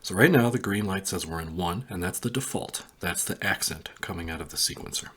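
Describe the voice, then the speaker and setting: Deep husky man explaining a synth. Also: fairly quick. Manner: relaxed, explains step by step while pressing buttons. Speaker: synthesizer tutorial host. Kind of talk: casual hands-on tutorial.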